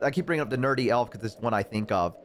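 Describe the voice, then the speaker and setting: A man's voice: mid-range voice, very fast, a little hiss or hum. Rambling man telling a stream story. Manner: animated, rambling, full of "like" fillers. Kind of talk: casual storytelling chat.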